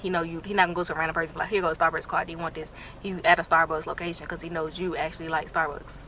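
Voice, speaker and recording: A woman's voice: deep voice, flat delivery, rapid-fire, bright, forceful tone, a little hiss or hum. A young woman talking casually to camera, emotional and close to tears. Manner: emotional, tearful with laughing asides. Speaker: vlogger.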